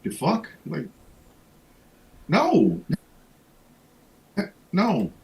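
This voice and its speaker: A man's voice: fairly high pitch, huge pitch swings, extremely slow, gravelly, darkish tone, rough recording. A man hosting a livestream, ranting in casual comedic chat with lots of profanity and stammered restarts. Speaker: livestream host.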